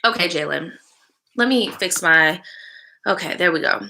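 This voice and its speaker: Woman live-show host, very bright tense tone, blunt slangy advice, swears freely. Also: lowish voice, lively intonation, moderate pace, vocal fry, slight background noise. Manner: chats back to live viewers between lines. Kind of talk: reading a viewer's story aloud and giving advice.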